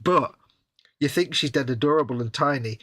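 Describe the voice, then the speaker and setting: A British man co-hosting a casual live stream, telling stories in a relaxed, amused way. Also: medium pitch, moderate pace. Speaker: livestream co-host.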